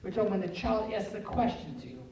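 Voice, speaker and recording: A man giving a live talk on parenting, animated and acting out family scenes in quoted voices. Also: high voice, quick pace, noisy background. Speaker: parenting lecturer. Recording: roomy echo, speaker far from the mic.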